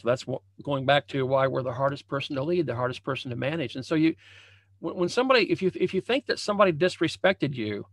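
A man's voice: on the high side, fairly bright tone, no echo. A man, a leadership coach, giving a motivational talk over a video call. He speaks conversationally from a home room, repeating phrases and restarting often. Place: home room with a banner hung as backdrop.

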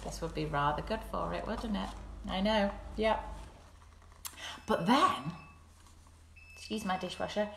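A woman, reading a picture book aloud on a live stream for young children. She is animated and drops into soft whispers and squeaky sound effects. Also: a little slow, vocal fry, pauses often, background noise. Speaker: children's storyteller. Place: home kitchen. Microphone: camera set up in front of her. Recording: roomy home room echo.

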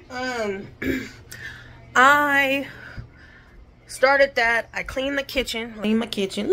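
A woman's voice: mid-range voice, fairly bright tone, a little hiss or hum. A woman chatting bluntly in a casual home vlog from her kitchen, swearing freely and talking with her lips barely open. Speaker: vlogger.

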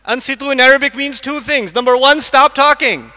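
A man's voice: very high voice, a little fast, sharp tone. A man giving a lecture to a live audience in a large mosque hall, quizzing the listeners with repeated questions. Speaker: Islamic lecturer. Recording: long echo of a mosque hall.

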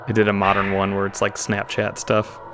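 A man's voice: lowish voice, completely flat delivery, a little fast, background noise. A man streaming a game, chatting casually, laughing often and reading on-screen text aloud. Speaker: let's play streamer. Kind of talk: casual gameplay commentary.

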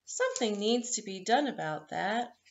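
A woman's voice: mid-range voice, lively intonation, normal speed, natural voice. A woman voicing a sly, mischievous female cat in a storybook read-aloud, smug and scheming. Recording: echoey, slightly dull room.

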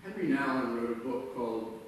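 A man's voice: mid-range voice, expressive, normal speed, a little hiss or hum. A man preaching a sermon as pastor, telling stories with a conversational, self-deprecating humor. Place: church sanctuary. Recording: echoey church hall from far off.

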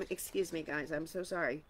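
A tarot reader hosts a chatty live-streamed reading, greeting viewers by name while a tickled throat keeps making her cough. Her voice is low-pitched with a fairly bright tone.

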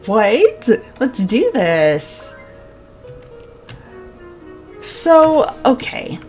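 Brief: female gaming host, unhurried, bubbly and giggly, casual let's-play chat, faint music under the voice. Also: fairly high pitch. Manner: bubbly, giggly, easily excited.

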